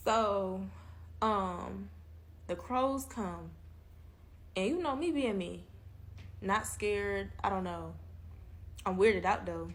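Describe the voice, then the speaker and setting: A woman, telling a creepy dating story in a casual, animated, profane way and talking straight to her listeners. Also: mid-range voice, takes it slowly, pauses often. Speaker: storyteller in a reaction clip.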